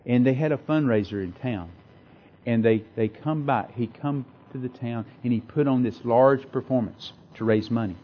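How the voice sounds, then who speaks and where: A man preaching a sermon with passion, repeating phrases and swinging between loud declarations and hushed asides. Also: medium pitch, normal speed, lo-fi sound, a little hiss or hum.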